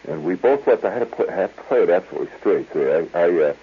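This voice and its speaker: A radio host with a deep, husky voice talks fast and expressively over a tinny 1970s broadcast. His monologue wanders from one tangent to another as he tells a story with plenty of chuckles.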